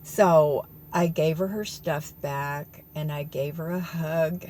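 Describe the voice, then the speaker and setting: A woman's voice: low voice, steady tone, takes it slowly, dark tone, slight background noise. A woman telling viewers a story in an earnest, tearful way, calling them y'all. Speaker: vlogger.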